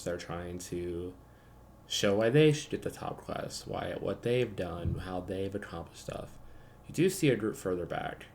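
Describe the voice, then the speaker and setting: Low, gravelly male game master, casual and chatty. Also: a little mellow, slight background noise. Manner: casual, lots of ums and likes. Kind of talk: narrating a tabletop game.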